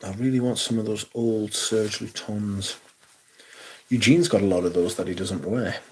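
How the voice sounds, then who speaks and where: Animated, swearing livestream host. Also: male voice, lowish voice, normal speed, background noise. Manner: animated, swears freely, exclamatory. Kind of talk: casual livestream chat, reading viewer comments.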